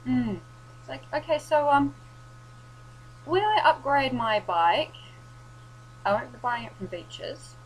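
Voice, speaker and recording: A young woman rants to camera in a casual vlog, swearing freely and breaking into loud, exasperated outbursts. Her voice sits a little high, with a faint steady hum under the recording. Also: slow, long pauses, low-quality recording. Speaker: vlogger.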